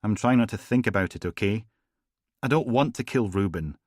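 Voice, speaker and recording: Narrator as a tired gruff cop, blunt and fed up, dry close audiobook sound. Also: male voice, lowish voice, normal speed, darkish tone, no echo, voice pushed up, natural voice. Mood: grim. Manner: exasperated, blunt. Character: weary gruff male detective, irritable. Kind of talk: audiobook reading.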